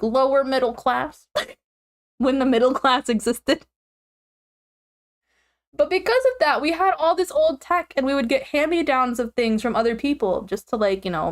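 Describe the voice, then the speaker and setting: A young woman streamer chatting casually with her viewers, giggling often, tired and yawning. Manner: chatty, giggly, animated swings in pitch.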